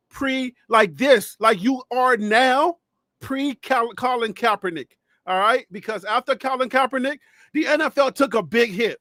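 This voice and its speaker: A man's voice: very high-pitched, no echo. A man hosting a live sports talk show, rambling and correcting himself as he gives his take. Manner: rambling, self-correcting, animated asides. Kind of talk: live reaction commentary.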